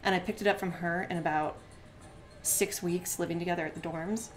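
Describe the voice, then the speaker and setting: Crafting live from her desk at home, where she stands as she works, a woman chats quickly and fills her talk with filler words, sometimes counting softly to herself. Her lowish voice holds a steady tone, and faint music plays behind her.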